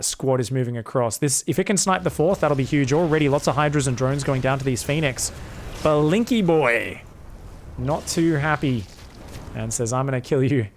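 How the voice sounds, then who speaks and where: A young man casting a live strategy game, excitable and crude, rambling between plays and shouting at the action. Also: medium pitch. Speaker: game caster.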